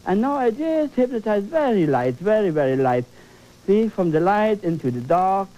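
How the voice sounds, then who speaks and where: A man's voice: high voice, sing-song, moderate pace, dark tone, low-quality recording. A man leading a televised painting lesson, exclaiming and coaxing, repeating phrases for emphasis. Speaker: painting instructor.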